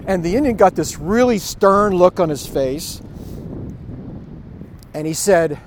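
High-voiced middle-aged man preaching outdoors. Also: lively intonation, a little slow, long pauses, slight background noise. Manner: conversational, storytelling, chuckling asides. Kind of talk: informal sermon.

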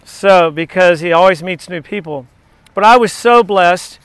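A man in his fifties, a teacher giving a devotional message to his class, telling faith stories in an excitable, chatty, digressive way. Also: high-pitched, unhurried, smooth, no room sound. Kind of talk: rambling faith storytelling to a class.

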